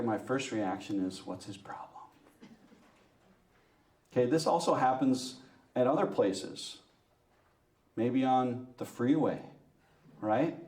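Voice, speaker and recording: A man giving a lively, joking talk to a women's church group, teasing himself and asking the audience questions. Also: mid-range voice, echoey room, distant mic. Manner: lively, joking, self-mocking, asks the audience. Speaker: parish speaker. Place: church meeting room.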